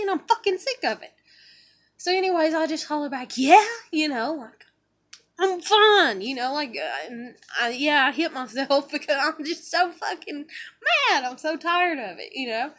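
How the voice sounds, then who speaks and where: High-voiced woman ranting angrily. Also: fairly bright tone. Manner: profane, heated venting with many fillers. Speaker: vlogger. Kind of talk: emotional personal rant.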